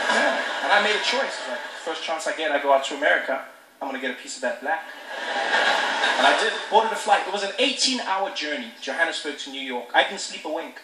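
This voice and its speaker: A stand-up comedian from South Africa tells his story in a slightly high voice, slipping into lively impressions. He sounds roomy and distant on a live theater stage. Loud audience noise runs behind him. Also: quick pace. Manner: animated, acts out voices.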